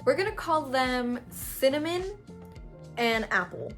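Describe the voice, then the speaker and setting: A woman's voice: on the high side, normal speed, soft background music. Slangy young woman telling a story. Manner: slangy, animated, dramatic swings in loudness. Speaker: vlogger. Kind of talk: story time.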